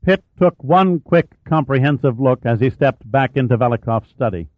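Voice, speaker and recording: A man reading an audiobook chapter aloud in steady, measured scripted narration, voicing the dialogue quietly. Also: medium pitch, no room sound, dull audio.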